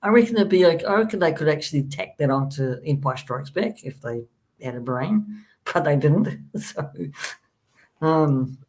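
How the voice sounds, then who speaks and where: A man's voice: a little high, expressive, normal speed, darkish tone. Giggly man hosting a casual chat. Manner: giggly, agreeable. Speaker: host.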